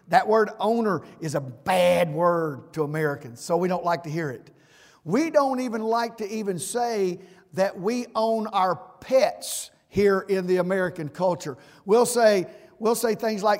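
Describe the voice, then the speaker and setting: High-voiced preacher in a hall. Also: male voice. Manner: emphatic preaching with swings from loud to hushed. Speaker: pastor. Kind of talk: sermon. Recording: hall reverb.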